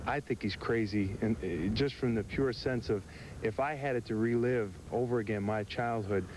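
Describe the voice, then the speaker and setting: A man's voice: lowish voice, moderate pace, darkish tone. A man speaking as a pro football player in an interview clip, blunt and joking. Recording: noisy outdoor news clip.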